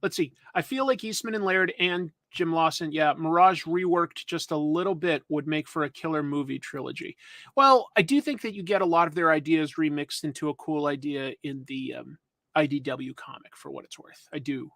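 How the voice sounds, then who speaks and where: Give me a male comics show host who rambles casually and pokes fun at himself. His voice is high and bright, and it is recorded close and dry. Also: moderate pace, dry recording. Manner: rambling, chatty, self-deprecating. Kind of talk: casual live-stream chat.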